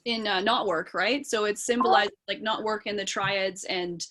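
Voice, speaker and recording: Woman, Canadian accent, actor, live video chat guest, mid pitch, thoughtful, rambling, fillers and restarts. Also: fairly even intonation, normal speed, a bit bright. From East Coast of Canada.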